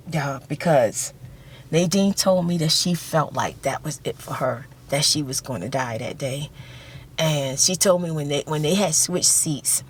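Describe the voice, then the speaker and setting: A middle-aged woman telling a long story in a soft-spoken ASMR style, rambling and repeating herself for emphasis. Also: sits low, slightly rough. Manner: rambling and repetitive, emphatic retelling; drops to a whisper for quoted speech. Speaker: ASMR channel host.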